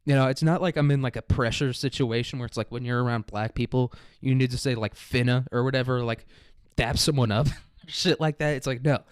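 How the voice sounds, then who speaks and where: A young Midwestern man rambling through a crude comic monologue on his podcast, breaking into laughter often. His voice sits at an ordinary mid pitch, and the recording is dry and close with no room sound. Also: a little fast, smooth, no echo. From Kansas City area, American Midwest. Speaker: podcast host.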